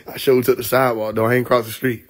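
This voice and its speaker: A man from Atlanta, telling profane, animated stories on a live stream, laughing often. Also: medium pitch. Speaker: livestream host. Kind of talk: casual storytelling on a live stream.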